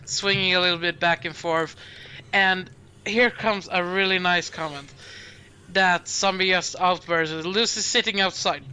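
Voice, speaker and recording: High-voiced man chatting on a podcast. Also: steady tone, normal speed, sharp tone, clean tone, poor audio. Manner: laughs often, hesitant with many ums. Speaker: podcast co-host. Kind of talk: casual chat.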